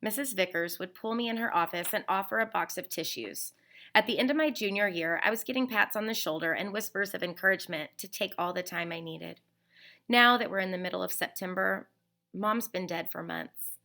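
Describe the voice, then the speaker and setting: A woman reading a novel aloud in the first person, expressive and slowing down on the emotional phrases. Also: mid-range voice, creaky.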